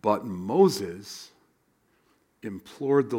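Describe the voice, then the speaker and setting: Animated, conversational male pastor preaching. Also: fairly high pitch, moderate pace. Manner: animated, conversational, with sudden drops to a hush. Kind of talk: sermon.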